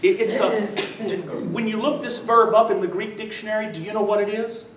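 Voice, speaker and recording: This time the lecturer sounds high, fairly bright, and fairly even in intonation, moving a little fast. A visitor teaching the New Testament at a church adult-education lecture, he quizzes his audience with "what?" and chuckles through his stories. The sound comes from far off in an echoey room, with faint noise.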